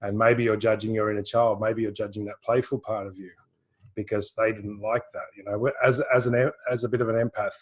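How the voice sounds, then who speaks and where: A man's voice: on the low side, little pitch movement, brisk. An Australian man leads a live intuitive reading in a loose, chatty way. He circles back over his own words and breaks into laughs, and he sounds like he is on a video call. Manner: rambling, repeats words, laughs often. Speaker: intuitive reader, co-host. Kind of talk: live online session, casual chat.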